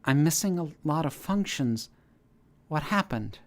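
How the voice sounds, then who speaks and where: A man voicing a damaged female ship AI in a storybook reading, with a scratchy, trembling, halting voice. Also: fairly high pitch, lively intonation, voice pushed up. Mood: strained. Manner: halting, broken-up phrases.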